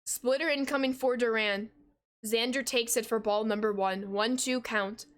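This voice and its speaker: A woman's voice: a little high, fairly even intonation, normal speed. A woman in her twenties streaming, giving play-by-play commentary on a baseball game and answering her live chat in an upbeat, casual way. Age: 20s. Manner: upbeat, greets viewers with casual "yo".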